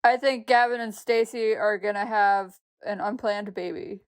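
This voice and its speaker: A woman's voice: medium pitch, fairly even intonation, moderate pace, smooth. A woman co-hosting a podcast, talking casually and hesitantly, packing her speech with filler words. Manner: hesitant, heavy use of filler like. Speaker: podcast co-host.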